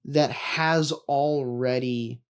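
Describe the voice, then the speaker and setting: A man's voice: medium pitch, fairly even intonation, very slow, clear, resonant tone. Casual young man rambling about his tabletop character. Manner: loose and rambling, many "like" fillers, swears casually. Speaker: podcast co-host, tabletop player.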